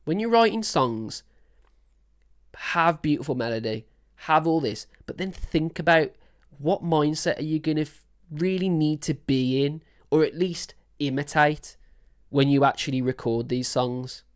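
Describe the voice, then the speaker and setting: Picture a woman with a low, deep-set speaking voice hosting a music reaction. She rambles happily, piling on fillers and gushing over what she hears, in a loose and casual commentary. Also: measured pace. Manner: enthusiastic, rambling with many fillers.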